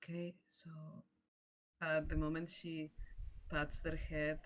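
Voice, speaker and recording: Slow, laughing role-play player, woman. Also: sits low, completely flat delivery. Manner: hesitant, laughs often. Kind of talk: casual tabletop role-play narration.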